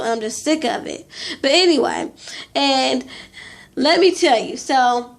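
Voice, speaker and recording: High-voiced, chatty woman giving a gossip recap. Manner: chatty, opinionated, heavy use of "you know" and slang. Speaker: reality TV recap vlogger. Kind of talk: casual gossipy episode review.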